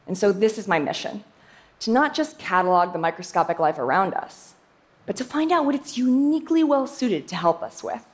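A young woman scientist delivers a prepared talk in a fairly low voice. She speaks with lively emphasis and slips in playful asides.

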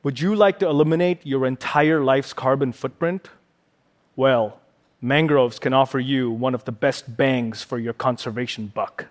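A man's voice: medium pitch, normal speed. A conservationist man giving a live stage talk in a large auditorium, with a playful, punning manner.

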